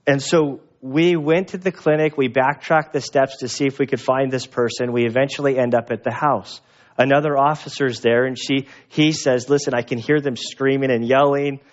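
A man preaching a conversational sermon, telling a story and acting out the voices in it. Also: moderate pace. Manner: animated storyteller, acts out dialogue with a raised pitch. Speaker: pastor and police chaplain. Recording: dull lo-fi recording.

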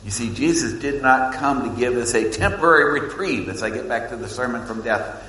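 A man preaching a sermon as pastor, swinging between loud emphasis and hushed, low lines. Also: a little fast. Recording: echoey hall with long reverb.

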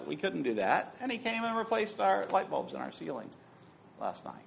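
A man's voice: mid-range voice, quick pace, gravelly, a little hiss or hum. A middle-aged man preaching a sermon as pastor, telling stories with asides. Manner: animated storytelling with asides. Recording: dull lo-fi sound.

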